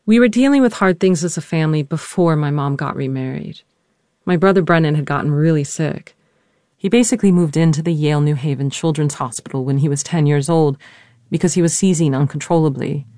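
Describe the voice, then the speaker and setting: A narrator telling a family story in a reflective, earnest, measured way, and also interviewing their mother. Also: medium pitch, darkish tone, no echo, studio quality. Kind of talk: personal documentary narration and interview.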